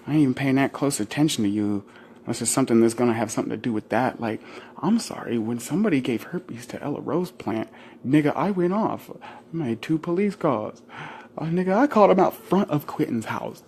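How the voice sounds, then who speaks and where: A man's voice: medium pitch, animated, fairly quick, darkish tone. A young man ranting casually to the camera about his life. He rambles, swears a lot, laughs often and acts out what other people say in put-on voices. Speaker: vlogger.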